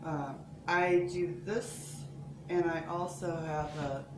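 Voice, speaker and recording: Home-cook woman, low unhurried voice, chatty and rambling, echoey kitchen with background noise. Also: fairly even intonation. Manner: rambling, chatty, self-interrupting. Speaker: home cook showing recipes. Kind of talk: casual cooking demonstration.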